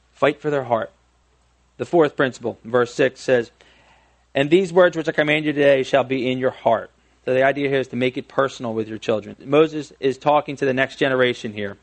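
A man's voice: medium pitch, creaky. A man in his thirties preaching a conversational sermon on parenting, self-deprecating, with frequent restarts and friendly asides. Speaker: pastor.

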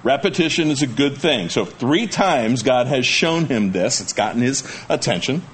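A man's voice: mid-range voice, expressive, normal speed, a little hiss or hum. Folksy male preacher with joking asides. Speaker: pastor. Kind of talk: sermon, reading scripture and explaining it.

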